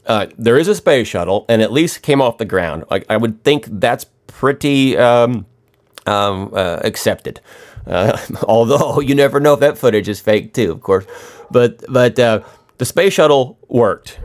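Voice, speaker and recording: A man's voice: medium pitch, lively intonation, unhurried. A man ranting in a profane, sarcastic way, rambling with restarts as he talks through his gripes. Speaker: podcast ranter. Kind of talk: profane comedic rant.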